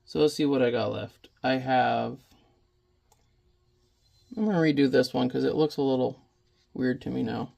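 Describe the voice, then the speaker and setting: Man, gravelly voice, casual painting vlog, rambles, mutters to himself while working. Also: medium pitch, moderate pace, long pauses, a little mellow. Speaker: watercolor painting vlogger.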